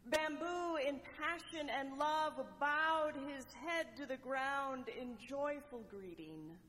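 A woman preacher telling a parable as a sermon, with measured delivery and dramatic pauses. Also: high voice, a bit bright. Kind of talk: sermon storytelling. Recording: long echoing hall reverb.

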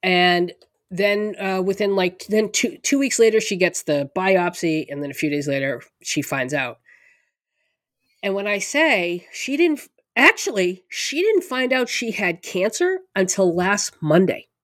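A woman's voice: mid-range voice, expressive, a little slow, no echo, studio quality. A middle-aged woman co-hosting a podcast, talking casually with many restarts and laughing through hard moments. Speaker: podcast co-host. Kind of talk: casual conversation.

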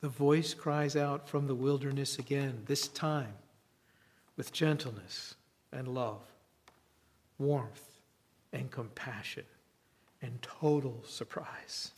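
A man preaching a sermon in a reflective way, with long dramatic pauses. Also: mid-range voice, fairly even intonation.

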